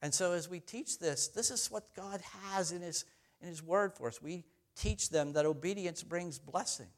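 A middle-aged pastor preaching with a fairly high voice. He talks to the congregation in a loose, conversational way, pokes fun at himself and laughs often. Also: moderate pace. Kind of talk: sermon.

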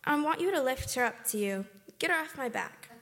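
A woman's voice: sits high, lively intonation, brisk, a bit bright, full character voice. An actress playing a slacker teenage girl who casually asks God for favors in a flippant, filler-heavy way, in a comedy sketch.

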